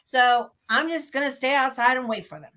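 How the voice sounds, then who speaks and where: A podcast host tells a story in casual chat, animatedly acting out her own reactions in quotes. Her voice is high and her delivery brisk.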